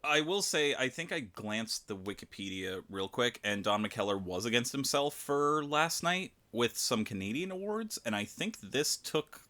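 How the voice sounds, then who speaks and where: A man co-hosting a film podcast in casual chat, animated and quick to laugh. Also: medium pitch. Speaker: podcast co-host.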